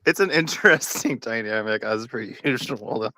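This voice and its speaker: A man's voice: medium pitch, animated, normal speed, sharp tone, dry recording. Laid-back man chatting on a stream. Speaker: stream guest. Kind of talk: casual call-in chat.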